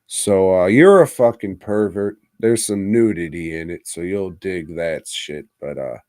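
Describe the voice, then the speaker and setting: A man with a fairly low voice co-hosts a podcast, rambling through a movie review after a few drinks. He swears constantly and laughs partway through his own sentences. His voice sounds dry and close to the mic. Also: measured pace, a little mellow, no room sound. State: drinking, tipsy. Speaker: podcast co-host. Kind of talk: casual profane movie review chat.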